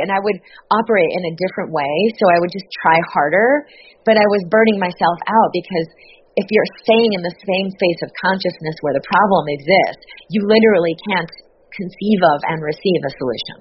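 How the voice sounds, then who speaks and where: A woman's voice: on the low side, a little fast, dull audio, a little hiss or hum. A woman guest on a podcast, talking earnestly and acting out her own thoughts as she tells stories. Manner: earnest, animated, acts out her own inner voice. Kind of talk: podcast conversation.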